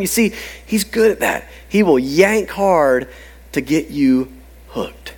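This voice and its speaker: A man preaching a sermon as pastor, emphatic and dropping to a hush for key points. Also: a little high, expressive, slow, husky. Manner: emphatic, swinging from loud to hushed.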